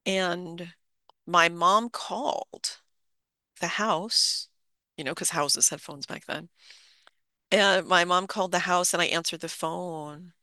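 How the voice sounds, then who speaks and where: A person in their fifties recalls a memory in candid, halting speech with soft laughs here and there. The voice is bright and forward. The recording is close and dry, with no room sound. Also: mid-range voice, no room sound. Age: 50s. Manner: halting, with fillers and restarts. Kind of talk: reflective personal storytelling.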